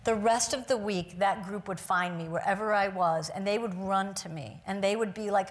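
A woman's voice: medium pitch, normal speed, few pauses. A woman giving a talk to a live audience from a stage, telling a personal story in an earnest, reflective way. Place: stage before a seated audience.

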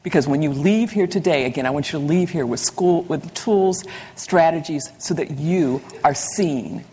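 A woman's voice: sits low, moderate pace, warm tone, slight background noise. A woman giving a motivational keynote talk, emphatic and repeating lines for effect. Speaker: keynote speaker. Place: large hall. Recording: hall reverb.

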